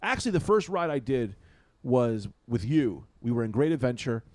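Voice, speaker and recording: A man's voice: medium pitch, normal speed. A young man co-hosting a casual podcast, telling a childhood story with lots of laughter and acted-out voices. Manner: laughing, animated storyteller acting out his younger self. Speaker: podcast co-host.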